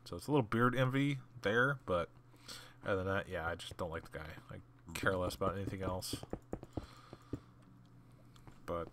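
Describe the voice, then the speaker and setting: Animated low-voiced man telling a story. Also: brisk, slight background noise. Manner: animated retelling, jumps higher when quoting people. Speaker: gaming channel host. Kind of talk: casual storytelling while playing.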